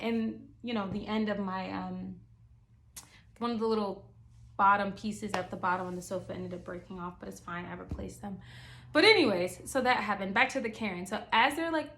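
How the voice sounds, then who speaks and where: A young woman vlogger telling a story in casual chat. She sounds exasperated and chatty and leans heavily on the filler "like.". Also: medium pitch.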